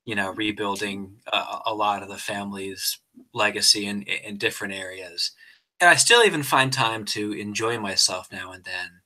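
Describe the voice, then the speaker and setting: A man's voice: lowish voice, sharp tone, poor audio. A man playing in a tabletop game, describing his character's ending in an amused way, with fillers. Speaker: player.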